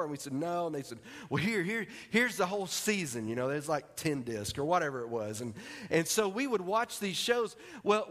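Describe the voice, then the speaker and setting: High-voiced animated man preaching. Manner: animated storytelling, acts out scenes. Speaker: pastor. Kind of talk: sermon. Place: church sanctuary. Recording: long hall reverb.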